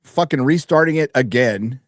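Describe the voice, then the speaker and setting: A man's voice: medium pitch, moderate pace, no echo, studio quality. A man co-hosting a casual podcast chat, frank and swearing. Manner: frank, swears, blanks on names. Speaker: podcast co-host.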